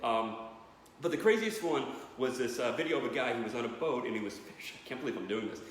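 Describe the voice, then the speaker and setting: A man doing stand-up comedy in a family living room, telling rambling stories that turn loud and profane. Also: medium pitch, animated, fast. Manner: rambling storytelling, loud and profane when acting out bits. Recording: echoey room, faint background noise.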